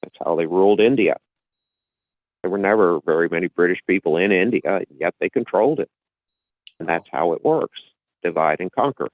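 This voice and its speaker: Deep-voiced man lecturing over a tinny line. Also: normal speed, long pauses, dry recording. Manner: lecturing, with frequent restarts and repetitions. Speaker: podcast host. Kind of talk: casual explanatory talk. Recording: tinny phone-like line, dry.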